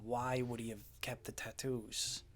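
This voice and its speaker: A man's voice: mid-range voice, little pitch movement, a bit bright, slight background noise. A man playing a tabletop game, asking lots of questions in casual chat. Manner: asks many quick questions. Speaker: player.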